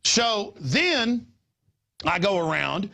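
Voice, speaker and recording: A middle-aged man hosting a talk show, rambling in an animated way and repeating his words, with a gravelly voice. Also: very slow. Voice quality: gravelly, husky voice. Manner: excitable, repeats words, jumps between pitches.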